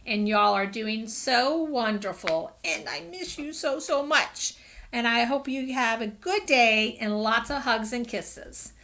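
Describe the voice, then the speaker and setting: Slow, bright-voiced teacher woman. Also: fairly high pitch, slight background noise. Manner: patient, encouraging, sounds out letters slowly. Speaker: kindergarten teacher. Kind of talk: remote phonics lesson for young children. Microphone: computer webcam.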